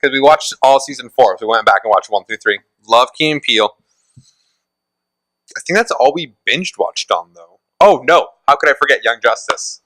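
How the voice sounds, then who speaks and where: A man's voice: medium pitch, lively intonation, normal speed, fairly bright tone, dry recording, rough recording. A man co-hosting a casual pop culture podcast, talking animatedly and laughing often. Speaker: podcast co-host. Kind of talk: casual chat.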